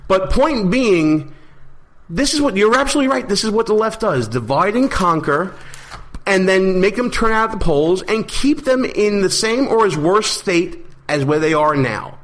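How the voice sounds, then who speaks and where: A man co-hosting a political talk radio show, bantering with quick, teasing asides. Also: sits high, lively intonation, fairly bright tone. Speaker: co-host. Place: radio studio.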